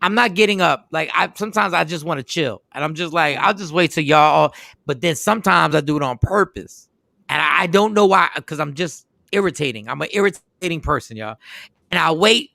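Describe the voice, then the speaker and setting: A high-pitched man with a gravelly edge hosts a casual talk show. His tone is bright and sharp, and the recording is close and dry. He tells stories with lots of animation and acts out each scene. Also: a little fast, dry recording. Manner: animated storyteller, acts out scenes, laughs often. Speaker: podcast host. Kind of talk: casual chat.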